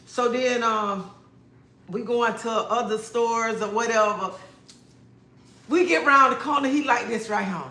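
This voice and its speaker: Woman livestreaming on a phone, animated storyteller, bright sharp tone, roomy echo. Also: a little high, measured pace, long pauses. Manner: animated, laughing, acts out quoted dialogue. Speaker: livestream host. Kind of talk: casual storytelling to viewers.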